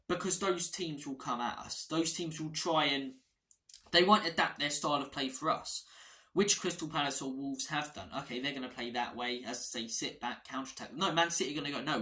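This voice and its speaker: A man hosting a football fan channel, talking through his team's tactics in a passionate, chatty way. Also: medium pitch. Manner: passionate, chatty, repeats words when excited. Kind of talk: casual fan analysis vlog.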